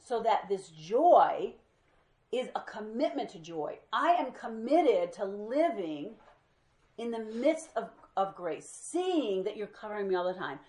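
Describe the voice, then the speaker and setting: A woman leads a group Bible study as a lively storyteller who slips into the voices of the people she quotes. Her voice sits at an ordinary pitch, and the room around her echoes. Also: unhurried.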